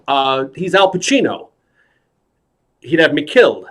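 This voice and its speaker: A man from New York telling a stand-up story in a hesitant, deadpan way over a video call. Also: fairly high pitch, a little slow. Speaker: stand-up comedian. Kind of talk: stand-up comedy set.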